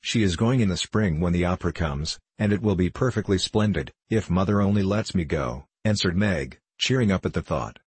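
Husky deep-voiced man reading a novel. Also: brisk, few pauses, no echo. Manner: reads all characters in a near-plain voice with slight shifts. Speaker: audiobook narrator. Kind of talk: scripted narration.

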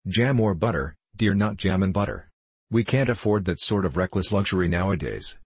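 A man's voice: low-pitched, lively intonation, breathy edge, dry recording. A man reading a storybook aloud, voicing a cheerful, busy mother who calls her children pet names. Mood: brisk. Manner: fond, brisk and busy. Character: gentle cheerful hard-up mother.

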